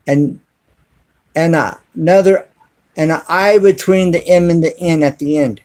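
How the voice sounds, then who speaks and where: A man hosting a casual live stream from his cell phone, talking to viewers in the chat and spelling words out slowly and deliberately. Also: fairly high pitch, a little mellow. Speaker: YouTube channel host live streaming.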